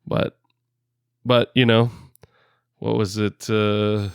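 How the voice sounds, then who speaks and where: A man's voice: lowish voice, level tone, takes it slowly, creaky, clear, resonant tone, no echo, studio quality. A man co-hosting a casual podcast on a headset mic, rambling with lots of fillers and laughing often. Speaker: podcast co-host.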